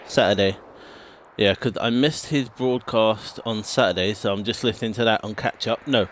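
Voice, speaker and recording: A man's voice: lowish voice, normal speed, a little hiss or hum. Rambling British man streaming a game. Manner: rambling, swears, mimics sound clips. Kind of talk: casual chat while gaming.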